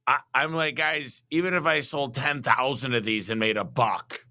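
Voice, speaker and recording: A podcast host with a bright, medium-pitched voice chats casually at a normal speed. The sound is clean and dry, like a studio recording.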